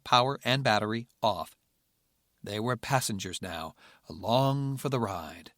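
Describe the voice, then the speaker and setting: A man narrating an audiobook thriller in steady, measured scripted narration. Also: medium pitch, no echo, clean studio sound.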